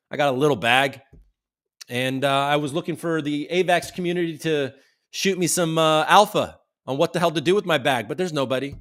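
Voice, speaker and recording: A man's voice: a little high, a little fast, fairly bright tone. A man hosting a casual livestream, chatting loosely and reading viewer comments aloud as they come in, with the odd swear. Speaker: livestream host.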